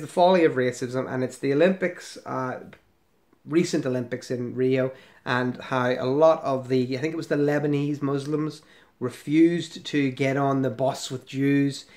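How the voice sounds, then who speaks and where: Scrolling a website, a middle-aged man who is a former member rambles through sarcastic, casual remarks full of fillers and restarts. He speaks at a moderate pace in a slightly high voice.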